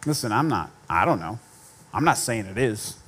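A man's voice: lowish voice, very animated, moderate pace, fairly bright tone. A man preaching a sermon in a conversational style, with repetition and self-deprecating humor. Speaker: pastor.

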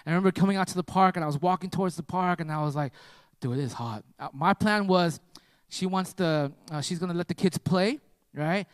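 High-voiced, emphatic preaching man. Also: brisk, smooth, dry recording. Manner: emphatic, repetitive preaching, rising to loud peaks; relaxed storytelling with many "right?" asides. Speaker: pastor. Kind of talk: sermon with personal story.

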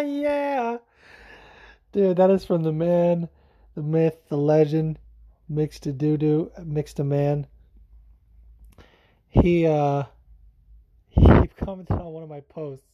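A man hosting a podcast in casual, rambling chat, excitable and swearing freely. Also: fairly high pitch, slow pace, long pauses, lo-fi sound. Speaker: podcast host.

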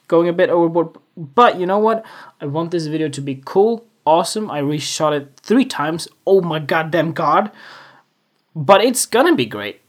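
A man hosting a casual solo podcast, rambling and joking about his week, laughing at himself often. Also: fairly high pitch. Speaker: podcast host. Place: home room with window open.

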